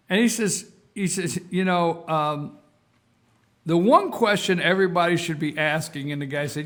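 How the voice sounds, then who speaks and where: A man's voice: high-pitched, measured pace. A man hosting a talk show, giving casual political commentary and repeating himself for emphasis. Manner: animated, repeats himself for emphasis, addresses folks.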